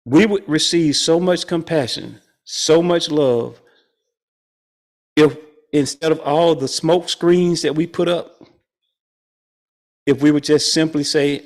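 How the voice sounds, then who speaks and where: A man's voice: fairly high pitch, slow pace, pauses often. A man leading a spiritual study group, teaching in a conversational way and chuckling often. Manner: chuckles often, animated and playful.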